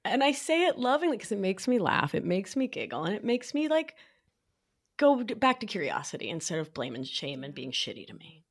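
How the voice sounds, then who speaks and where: Animated, playful woman chatting. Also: normal speed. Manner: animated, playful, full of fillers, sudden high sing-song voices. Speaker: podcast guest, nurse practitioner. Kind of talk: casual podcast chat.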